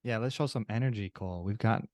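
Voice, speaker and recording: A man's voice: lowish voice, fast talker, darkish tone, no room sound. Laid-back man hosting a sports podcast. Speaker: podcast host. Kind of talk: casual sports podcast chat.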